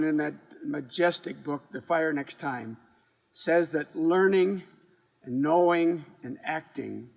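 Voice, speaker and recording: A male college speaker delivering a thoughtful teach-in talk, pausing with fillers as he sets up a reading. His voice is gravelly with fry, fairly high for a man, and very slow. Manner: measured, reflective, with hesitant fillers. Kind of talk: teach-in lecture with literary reading.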